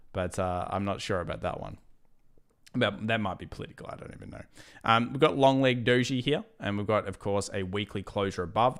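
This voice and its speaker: A man's voice: fairly low pitch, a bit bright. A man hosting a live trading stream, talking through market charts casually and drifting into fired-up rants. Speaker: trading livestream host.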